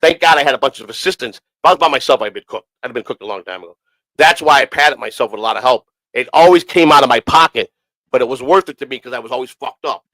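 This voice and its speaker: Man, quick rambling storyteller, swears constantly, middle pitch, dry close sound. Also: lively intonation, fairly bright tone, dry recording, poor audio. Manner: profane, rambling, repeats himself. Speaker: podcast host. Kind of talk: casual storytelling.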